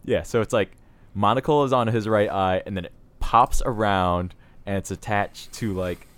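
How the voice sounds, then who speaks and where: Man, low voice, podcast co-host, relaxed, agreeable, casual chat. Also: normal speed, no room sound. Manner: relaxed, lots of fillers and agreeing asides.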